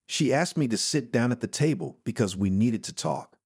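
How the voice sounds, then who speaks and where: A man narrating a first-person story in a plain, steady voice-over. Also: medium pitch, moderate pace, breathy edge, dry recording, studio quality.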